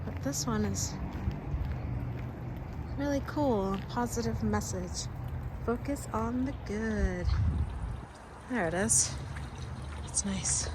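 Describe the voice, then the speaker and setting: A travel vlogger visiting film locations walks through town in winter, chatting casually outdoors as she thinks aloud in a chatty, exclamatory way. Her voice is fairly high and her pace slow, with long pauses and a noisy background.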